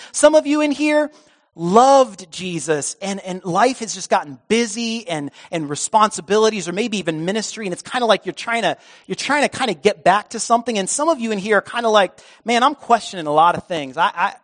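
High-voiced preaching man, animated. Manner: animated, repeats words when stressing points. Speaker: pastor. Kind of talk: sermon with read-aloud story.

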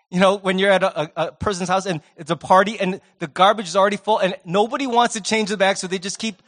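Middle-aged male pastor, sermon delivery, slightly high voice, lively shifts from punchy to hushed. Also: fairly quick. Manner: animated, swings from loud emphasis to soft near-whispers. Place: church sanctuary.

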